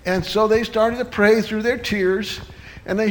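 A man telling a children's story in a church sermon, with animated, dramatic storytelling before closing in prayer. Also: high-pitched, moderate pace.

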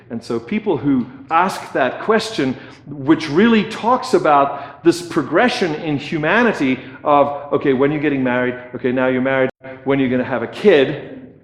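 A man's voice: medium pitch, echoey room. A man preaching a sermon as pastor, conversational, often checking in with "okay" and repeating words as he goes.

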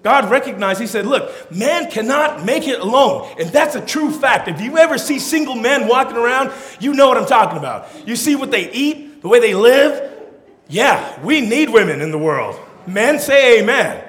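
A man preaching a humorous sermon as pastor, with animated, joking storytelling. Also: extremely high pitch, moderate pace, roomy sound.

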